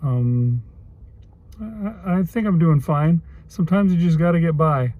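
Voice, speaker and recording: A man talking casually to camera in his video diary, in a voice sitting a little high. He is candid and self-deprecating and chuckles often. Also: a little slow, highs cut off. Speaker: vlogger.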